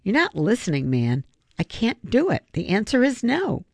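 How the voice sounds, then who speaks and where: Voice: medium pitch, wildly swooping pitch, moderate pace, no echo, pitched above the performer's own voice. A reader voicing a reluctant, worried boy who refuses his friend, in an audiobook. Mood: anxious. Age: young boy. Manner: anxious, refusing. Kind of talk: audiobook character voice.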